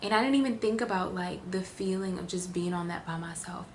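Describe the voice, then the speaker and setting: A woman vlogger telling a casual storytime, chatty with lots of fillers, acting out quotes with big jumps in pitch. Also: fairly quick, darkish tone, a little hiss or hum.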